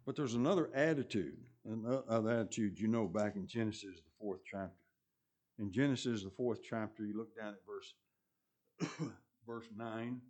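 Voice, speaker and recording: A man preaching a sermon, stressing points loudly, then dropping to quiet asides, and often repeating his phrases. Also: lowish voice, normal speed.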